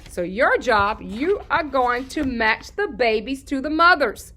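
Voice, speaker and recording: A woman teaching a lesson to young children, in a sing-song way, repeating key words slowly and answering her own questions. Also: high-pitched, animated, sharp tone. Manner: asks questions and answers them herself.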